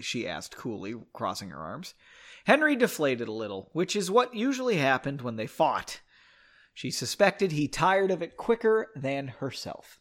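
A man's voice: medium pitch, big pitch swings, moderate pace, fairly bright tone. A man reading his own book aloud, with casual joking asides while sipping a drink.

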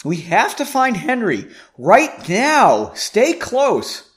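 A man voicing a steady young male companion who talks firmly and urgently. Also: mid-range voice, a little slow, lightly acted.

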